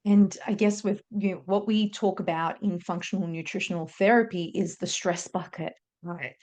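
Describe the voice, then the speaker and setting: A woman's voice: fairly low pitch, fairly even intonation, normal speed, a little mellow. A woman hosting an interview podcast, reflecting back on the guest's words and thinking aloud. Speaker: podcast host. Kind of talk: conversational interview.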